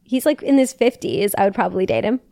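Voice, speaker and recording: A woman's voice: medium pitch, big pitch swings, fast talker, dark tone, no room sound, studio quality. A woman in her twenties hosting a podcast, chatting casually with lots of fillers and laughter. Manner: chatty, giggly, lots of likes. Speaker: podcast host. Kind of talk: casual chat.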